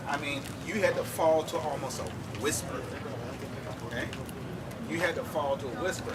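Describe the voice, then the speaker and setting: At an outdoor campus event, a drum teacher with a fairly high, expressive voice gives a lecture-demonstration to a crowd, walking through each idea and checking in with a quick "okay?" He is well away from the mic, and outdoor sounds remain clearly present in the background.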